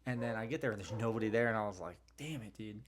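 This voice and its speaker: Rambling guy, lowish voice. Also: very fast, a crowd in the background. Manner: rambling, swearing, slangy storytelling. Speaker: podcast host. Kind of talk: casual solo podcast rant.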